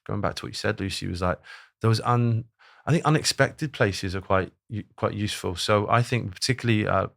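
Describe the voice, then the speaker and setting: A man talks about his research on a webinar panel with a deep, gravelly voice. He speaks hesitantly, with many fillers and restarts. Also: brisk, a bit bright.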